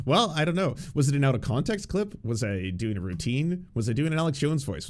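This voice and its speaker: A man's voice: medium pitch, sing-song, fairly quick, hardly any pauses. A man giving casual, sarcastic political commentary, often restarting his words.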